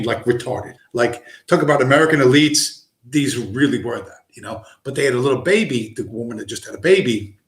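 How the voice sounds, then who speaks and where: A man streaming, telling a rambling story with heavy swearing and constant asides. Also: mid-range voice. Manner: profane, digressive, lots of fillers. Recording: roomy echo.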